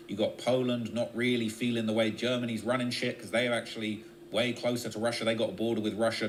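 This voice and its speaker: A man talks live on a stream, blunt and profane, with a voice of ordinary middle pitch. He drops low and mutters, then jumps up into loud, emphatic bursts, and he keeps tagging his points with quick check-ins to the viewers. There is a faint steady hiss behind him. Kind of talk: casual political commentary on a livestream.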